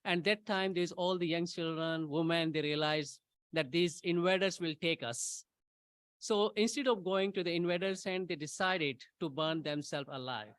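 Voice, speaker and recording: Earnest man, slightly high voice. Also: moderate pace, a bit bright, clear, resonant tone, no room sound. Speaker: guest. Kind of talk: casual storytelling.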